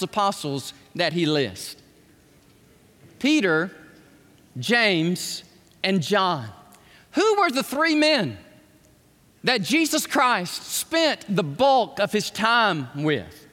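A man delivers a sermon in a high, lively voice that swoops widely as he acts out the characters of scripture. He is recorded in an echoey large hall with a long reverb, his voice at times drifting away from the mic. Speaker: pastor.

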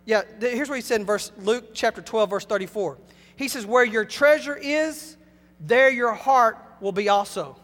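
Man, pastor, very high-pitched, emphatic preaching, long church reverb. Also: normal speed. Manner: emphatic, preacherly, swings between loud and hushed. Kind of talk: sermon. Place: church sanctuary.

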